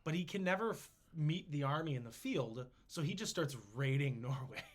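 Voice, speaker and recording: A man hosting a casual history podcast, telling the story in an animated, jokey way. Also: fairly high pitch, normal speed. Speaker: podcast host.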